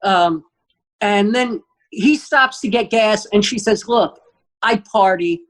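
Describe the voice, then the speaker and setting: A man, a guest comedian telling an animated, profane story and acting out the quotes. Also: sits high, takes it slowly, rough recording.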